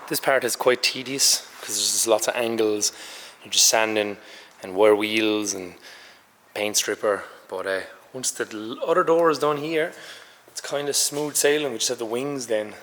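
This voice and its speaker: A man talks in a loose, matter-of-fact way while filming his car restoration, his voice hoarse but bright and forceful. It rings around a large garage workshop with a long echo. A faint hum of noise sits under him. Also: lowish voice. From Ireland. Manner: chatty, loose and matter-of-fact, with mild swearing. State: hoarse, says he lost his voice. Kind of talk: casual workshop vlog narration.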